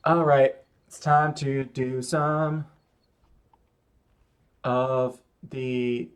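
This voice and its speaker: A man's voice: mid-range voice, steady tone, drawn-out words, clear, resonant tone. Rambling, self-mocking male streamer. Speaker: streamer drawing live. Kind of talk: casual chat while drawing.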